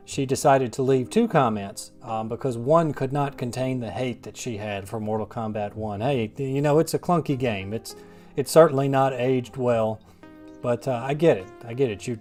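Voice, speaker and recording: A man's voice: medium pitch, darkish tone. A man hosting a gaming channel, reading viewer comments in a wry, rambling, self-deprecating way. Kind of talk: casual gameplay commentary.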